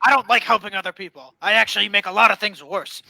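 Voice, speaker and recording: A man's voice: high voice, fairly even intonation, fast, gravelly, bright, forceful tone, no room sound, full character voice, poor audio. A man playing a scheming, disgraced former president in a comedy sketch, rambling and stammering.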